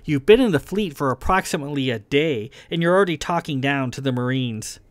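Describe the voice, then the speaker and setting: A man reading a patient, firm starship captain who speaks calmly. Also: on the high side, a little fast, no echo, natural voice.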